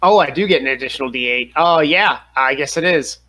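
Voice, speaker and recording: A man's voice: fairly high pitch, fairly quick, bright, forceful tone, rough recording. A man playing a tabletop game in casual chat, eager. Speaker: player.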